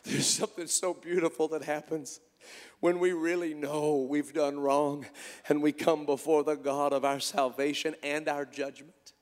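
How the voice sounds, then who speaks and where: A man preaching a sermon, moving between quiet storytelling and shouted, impassioned calls. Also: fairly high pitch, little pitch movement, a little slow, long reverb tail. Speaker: pastor. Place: church.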